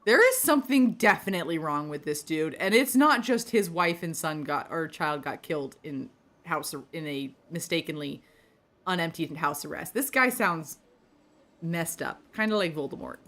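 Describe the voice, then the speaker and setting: A woman streamer with a deep voice offers casual commentary on her playthrough, reading the game's text aloud and tossing in quick, lively asides. Faint game music plays in the background.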